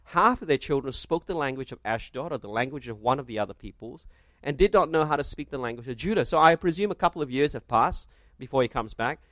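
A man's voice: medium pitch, animated, fast, fairly bright tone, no echo. A man preaching a sermon, reading scripture aloud and asking his listeners rhetorical questions. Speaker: pastor.

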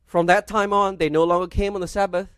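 Pastor, male, slightly high voice, dry close-miked sound, expository sermon with rhetorical asides. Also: level tone, quick pace, a bit bright, clean tone, no echo. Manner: expository preaching, reads scripture aloud, asks the congregation rhetorical questions.

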